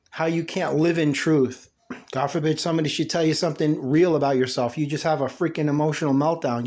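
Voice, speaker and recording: A man's voice: fairly high pitch, darkish tone. A man giving a blunt, scolding motivational monologue, talking down excuses and self-pity. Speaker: motivational speaker.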